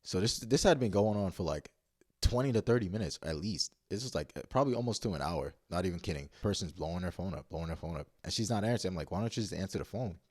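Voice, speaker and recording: A man with a very low voice tells a story in loose, profane slang, circling back and restarting his sentences. The sound is close and dry with no room around it. He is blunt and unfiltered. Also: lively intonation, fast, a little mellow, no echo. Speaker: vlogger. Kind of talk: casual story time.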